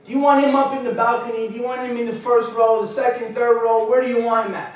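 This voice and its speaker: A man's voice: very high voice, level tone, fast talker, pitched above the performer's own voice. A man voicing a huge, boastful teenage wrestler who taunts a crowd. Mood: taunting. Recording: echoey lecture hall, distant mic.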